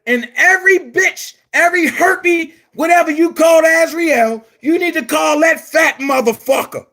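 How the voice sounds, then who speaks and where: A man delivering a heated, profane rant to his viewers, shouting at times. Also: very high voice, moderate pace. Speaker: commentary vlogger. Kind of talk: angry rant to camera.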